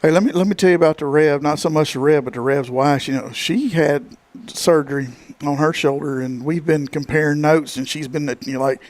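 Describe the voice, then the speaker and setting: Casting: man, talk show guest, relaxed wry storyteller, close dry sound. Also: on the high side, a little fast, no room sound. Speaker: guest, funeral home director. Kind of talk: casual talk show chat.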